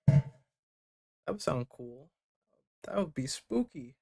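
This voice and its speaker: A man's voice: fairly high pitch, unhurried, vocal fry, pauses often. A young man hosting a livestream, bluntly reviewing submitted tracks with casual joking and swearing. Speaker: music producer giving feedback on submissions.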